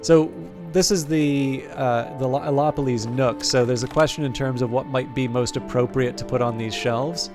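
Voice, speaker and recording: A man's voice: medium pitch, steady tone, moderate pace, hardly any pauses, music in the background. A man commentating a game late at night, thinking aloud with hesitant restarts and reading game text, a little tired. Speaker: gameplay commentator.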